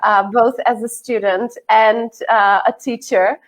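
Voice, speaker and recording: A woman hosting an interview, speaking casually with many fillers and pauses. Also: fairly high pitch, steady tone. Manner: warm, hesitant with many fillers. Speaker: interview host, English teacher.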